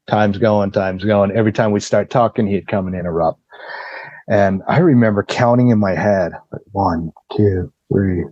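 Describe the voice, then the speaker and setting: A man's voice: fairly low pitch, darkish tone, dull audio. A man who is a podcast guest, recounting a personal ordeal in casual, blunt, profane storytelling full of "you know" and "like".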